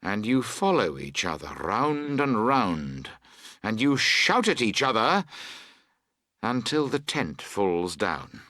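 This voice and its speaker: A man narrating a story for English learners in a slow, expressive reading. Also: lowish voice, no room sound, studio quality. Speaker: audiobook narrator.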